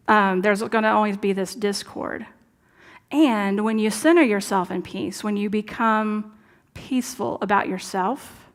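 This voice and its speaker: A woman minister delivers a sermon in a church sanctuary, speaking earnestly and conversationally in a medium-pitched voice. Now and then she drops into soft asides.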